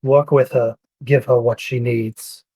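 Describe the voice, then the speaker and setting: A man serves as dungeon master and narrates the scene. His voice is a little husky and sounds dry and close to the mic. He voices the characters in the game at an unhurried pace. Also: mid-range voice, level tone, warm tone, dry recording, poor audio.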